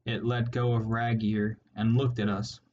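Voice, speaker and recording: A man voicing a terrified male rodent soldier who talks in a shaky, squeaking way, in a slightly muffled recording. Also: level tone, unhurried, darkish tone, natural voice. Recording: slightly muffled with faint hiss.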